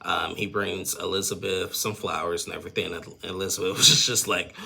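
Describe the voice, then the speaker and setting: A low-pitched man with a gravelly, husky edge talks through a reality show recap. He rambles and piles on fillers, tossing in blunt opinions and chuckles. His tone has a bright, sharp bite. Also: a little fast, few pauses. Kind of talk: casual episode recap commentary.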